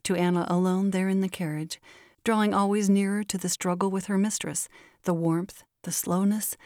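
A woman hosts and reads a classic short story with measured, deliberate phrasing. Her voice sits on the low side, and the recording is very dry and close. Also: a little mellow, no room sound. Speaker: host and reader. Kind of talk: scripted narration of a classic story.

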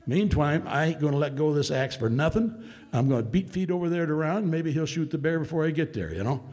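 A man telling a hunting story to a room in a relaxed, folksy way, chuckling as he goes. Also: on the high side, quick pace. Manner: folksy, drawling, laughs while telling. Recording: long hall reverb.

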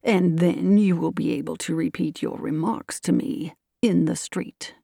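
A courtly, deliberate old colonel lawyer, as a woman reader puts him on, unhurried and blandly polite. His voice sits low and dark with a gravelly rasp, close and dry with no room around it. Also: steady tone, no echo, heavily acted. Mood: bland courtesy. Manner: slow, measured, politely grave.

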